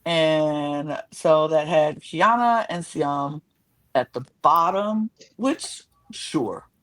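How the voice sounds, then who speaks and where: A woman co-hosting a podcast, telling the story in a lively way and acting out what people said. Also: sits low, very slow. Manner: animated storytelling, acts out quotes. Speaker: podcast co-host. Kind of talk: casual recap chat.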